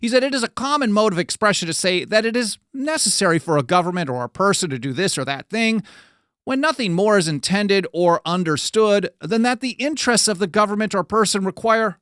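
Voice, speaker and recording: A man's voice: high voice, fairly bright tone, no room sound, clean studio sound. A man hosting a talk show, explaining history in a conversational way, reading quotes aloud with frequent fillers and self-corrections. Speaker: podcast host.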